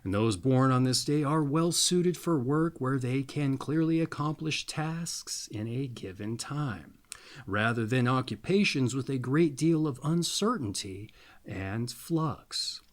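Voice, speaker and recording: A man with a middle-pitched voice talks in a loose, playful ramble full of asides. When he reads his text he slows right down and takes it word by word. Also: expressive. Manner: slow, deliberate reading of a text. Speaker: astrology video host. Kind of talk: casual monologue and reading aloud.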